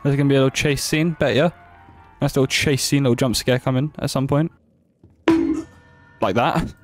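A man's voice: medium pitch, normal speed, faint music behind. A young man giving casual, joking commentary while streaming a horror game. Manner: joking, playful, excitable.

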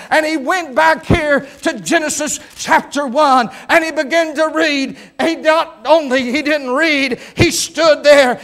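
A man preaching a revival sermon, telling a story that builds from quiet narration to shouted preaching. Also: very high-pitched. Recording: church service recording.

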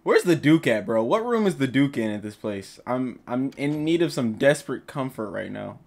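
A man's voice: medium pitch, lively intonation, normal speed, vocal fry, a little mellow. A young man commentating a horror game as he plays it, jittery and panicky, talking to himself and his viewers. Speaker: gaming YouTuber.

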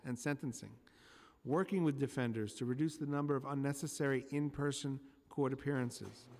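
Man, committee chair, formal prepared statement, steady delivery, mid pitch, long reverb. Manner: steady, reading prepared remarks. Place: council committee room.

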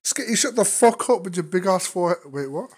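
A man streaming and chatting in a virtual-reality game, his voice slightly hoarse, rambling playfully and teasing others with sudden loud bursts. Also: high-pitched, lively intonation, fast, faint music behind. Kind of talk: casual VR chat while streaming. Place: online game, voice chat.

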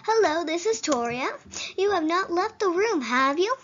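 A woman reading aloud the lines of a gentle, motherly goat-monster caretaker from a video game. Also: very high-pitched, expressive, normal speed, background noise, pitched above the performer's own voice. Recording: dull lo-fi recording.

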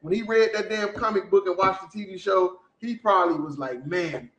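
A man hosting a podcast, talking in casual, profane, animated commentary and laughing often. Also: sits high, brisk, echoey room, muffled recording. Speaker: podcast host.

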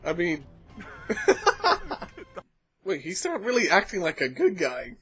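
Slow, excitable man reacting aloud. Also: high voice, husky, soft background music. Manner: exclamatory, gasps and slang-laden asides. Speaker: anime reaction host. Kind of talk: casual reaction commentary.

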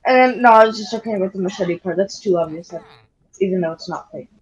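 A woman's voice: mid-range voice, fast talker, lo-fi sound. A woman telling a rambling story in casual chat while gaming, full of fillers and restarts. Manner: rambling, giggly, repeats filler words.

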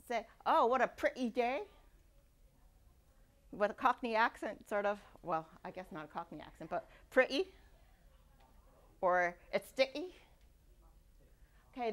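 Lively woman lecturing. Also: mid-range voice. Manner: lively, demonstrates sounds aloud. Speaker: university lecturer. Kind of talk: classroom lecture. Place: lecture hall.

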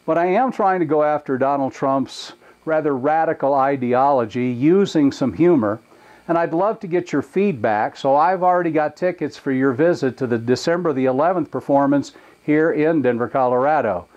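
A man's voice: fairly high pitch, moderate pace, a little mellow, muffled recording. An older man recording a dry, self-mocking comedic video message.

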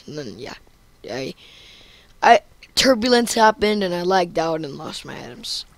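A woman giving gameplay commentary, taunting her opponent and getting excited. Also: fairly low pitch, a little slow, dry recording. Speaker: gamer.

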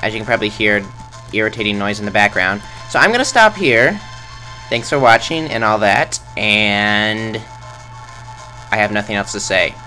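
A man's voice: on the low side, expressive, moderate pace, pushed and bright, soft background music. A man rambling through casual game commentary in a goofy, self-mocking way, tossing in silly sound effects. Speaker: let's play host.

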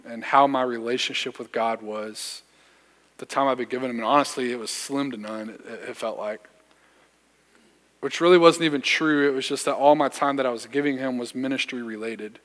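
A man's voice: medium pitch, fairly bright tone. A young man, a youth pastor preaching a sermon, telling a personal story in a casual, slangy way with self-deprecating humor. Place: church sanctuary. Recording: church hall reverb.

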